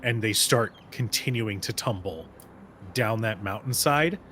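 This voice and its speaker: Bright-voiced male game master. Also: lowish voice, slight background noise. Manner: relaxed, measured narration with fillers. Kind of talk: narrating a tabletop game.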